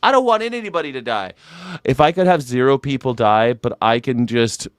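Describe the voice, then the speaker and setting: A man's voice: medium pitch, smooth, no room sound, studio quality. A young man hosting a news reaction show, sarcastic and joking, swearing freely. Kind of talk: comedic news reaction commentary.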